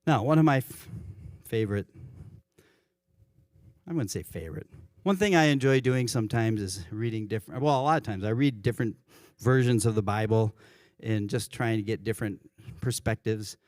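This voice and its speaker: A worship pastor giving a conversational church sermon, often correcting himself mid-sentence. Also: male voice, lowish voice, normal speed, a little mellow, dry recording, clean studio sound. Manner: conversational, self-correcting, chuckles at his own examples. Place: church sanctuary.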